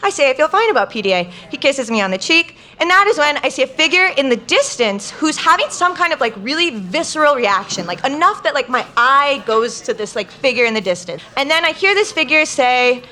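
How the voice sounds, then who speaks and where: A young woman telling a comic story on stage to a live crowd, chatty and full of "like", quoting people in lively bursts. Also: high voice, brisk, hardly any pauses. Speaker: guest storyteller.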